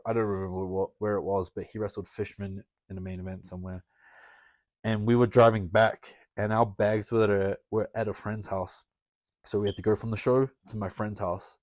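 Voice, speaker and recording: A wrestler guest on a podcast, telling a story casually, swearing often and laughing between lines. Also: male voice, lowish voice, darkish tone, no echo. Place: podcast studio.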